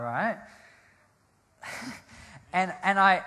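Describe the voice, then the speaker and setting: A man, a pastor telling a rambling, animated story in a sermon, often laughing and restarting his sentences. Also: on the high side, moderate pace. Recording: long hall reverb.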